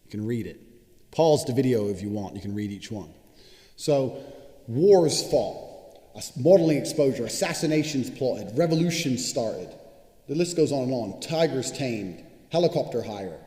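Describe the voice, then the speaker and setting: A man's voice: medium pitch, animated, moderate pace, warm tone. A man delivering a boastful, profane monologue straight to viewers, in a casual self-promoting style. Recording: roomy with long reverb.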